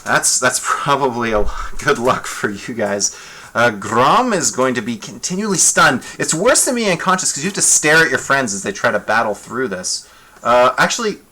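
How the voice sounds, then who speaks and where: A man running a tabletop horror game live as game master, animated and quick with apologetic asides. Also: mid-range voice, rough recording.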